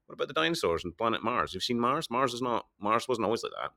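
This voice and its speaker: A man's voice: fairly low pitch, big pitch swings, very fast, creaky, sharp tone. A man who is a local political candidate, giving a rambling solo monologue. He argues with himself in two voices, jokes, and laughs often.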